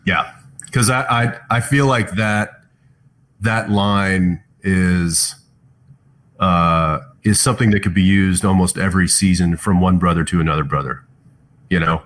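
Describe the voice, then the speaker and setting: A man's voice: deep voice, steady tone, a little slow, a bit bright. A man chatting thoughtfully on a virtual fan panel, reading out fan questions from home over a video call. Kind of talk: casual panel chat.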